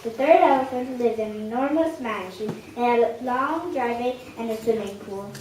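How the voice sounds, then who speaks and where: A woman narrating a children's story aloud in an expressive read-aloud manner. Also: a little high, moderate pace. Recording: echoey room, distant mic, faint hiss.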